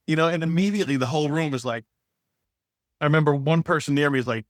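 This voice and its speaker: A man talking as a podcast guest, telling a lively story and acting out the people in it. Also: a little high, fairly quick, dry recording, studio quality. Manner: animated storyteller, acts out quoted voices. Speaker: podcast guest, author and speaker. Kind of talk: casual storytelling conversation.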